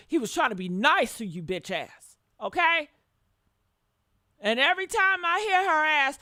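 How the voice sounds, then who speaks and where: A woman hosting a reaction commentary with a hoarse voice, talking in a blunt, profane and preachy way. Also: a little high, sharp tone, no room sound, clean studio sound. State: hoarse from yelling. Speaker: commentary show host.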